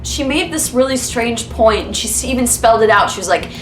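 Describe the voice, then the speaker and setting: Young woman telling a deadpan comic story. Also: on the high side, slight background noise. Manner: halting, flat delivery with bursts of mock outrage. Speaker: comedic storyteller. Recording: roomy echo with faint music.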